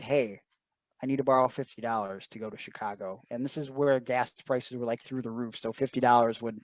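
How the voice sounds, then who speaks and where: A man's voice: mid-range voice, no room sound. A man telling a personal story as an interview guest, earnest and emotional, often quoting others in asides.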